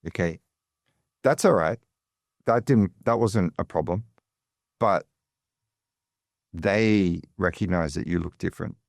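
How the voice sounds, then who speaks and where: This is an Australian man with a fairly low voice, talking casually as a guest on an interview show. He rambles a little and leans on fillers as he tells his story. The sound is dry and close, with no room echo. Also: slow, creaky, pauses often. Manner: chatty, digressive, many fillers. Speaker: guest, financial advisor.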